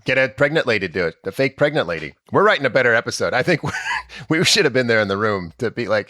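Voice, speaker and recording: A sarcastic, profane man riffing on a comedy podcast. His bright voice swings widely in pitch. The sound is dry and close. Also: sing-song, fast, no room sound.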